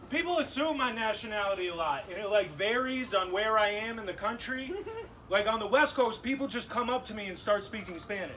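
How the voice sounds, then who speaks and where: High, bright-voiced young comic from Massachusetts. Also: male voice, brisk, far from the mic, a little hiss or hum, rough recording. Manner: animated, punchy delivery with laughing asides. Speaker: stand-up comedian. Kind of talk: stand-up set. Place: comedy club.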